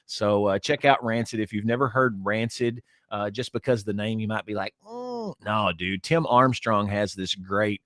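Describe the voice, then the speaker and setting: A man's voice: lowish voice, steady tone, moderate pace, hardly any pauses, fairly bright tone, no room sound, clean studio sound. A middle-aged man, co-hosting a podcast in casual chat, rambling with many fillers and restarts. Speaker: podcast co-host.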